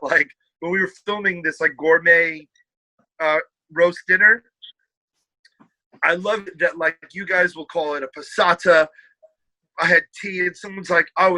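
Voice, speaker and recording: A man from the United States, a podcast guest, telling lively stories in casual chat. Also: on the high side, normal speed, dry recording, poor audio. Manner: animated storyteller, puts on British voices.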